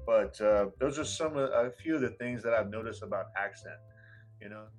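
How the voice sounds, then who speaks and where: A man's voice: fairly low pitch, normal speed, faint music behind, rough recording. A man from the United States, an English teacher talking casually and rambling with many fillers. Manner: rambling, frequent "you know" fillers. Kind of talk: casual conversation.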